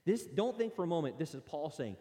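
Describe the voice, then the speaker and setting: A man preaching a sermon in a lively, conversational way, reading and explaining scripture. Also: fairly high pitch, brisk. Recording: long hall reverb.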